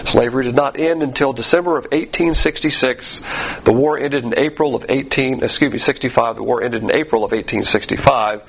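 A man's voice: medium pitch, fairly quick, vocal fry, fairly bright tone, husky, poor audio. A man preaching a sermon, emphatic, with rhetorical questions and frequent fillers. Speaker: pastor.

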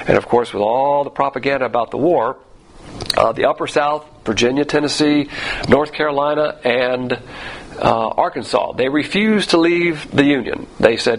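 A man's voice: medium pitch, normal speed, rough recording. A man preaching a sermon, emphatic, with rhetorical questions and frequent fillers. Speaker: pastor.

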